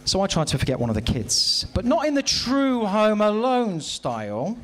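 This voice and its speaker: Lively, chatty man doing stand-up. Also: high voice, normal speed. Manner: self-mocking, chatty, addresses audience directly. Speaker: stand-up comedian. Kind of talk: stand-up comedy set. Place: live stage at a charity comedy event.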